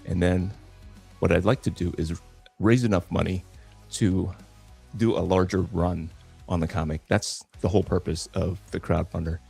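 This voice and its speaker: Gravelly low-voiced man chatting on a livestream. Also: steady tone, normal speed, darkish tone, faint music behind. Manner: rambling, repeats words, many fillers. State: a little out of breath. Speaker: comic artist hosting a live draw stream. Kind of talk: casual livestream chat.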